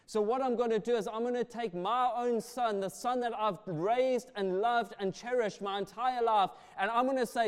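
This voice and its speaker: A high-pitched man delivers a passionate sermon. His volume swells and falls as he drives each point home. The sound carries the long reverb of a big hall. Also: steady tone, normal speed, few pauses, clear, resonant tone. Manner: passionate, rising and falling in volume. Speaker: preacher.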